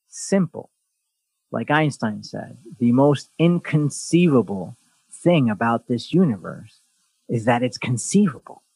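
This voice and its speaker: A man's voice: medium pitch, no echo. A man hosting a podcast in casual chat, telling stories bluntly with lots of swearing and sarcastic, mocking asides. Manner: blunt, profane, animated storytelling. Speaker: podcast host.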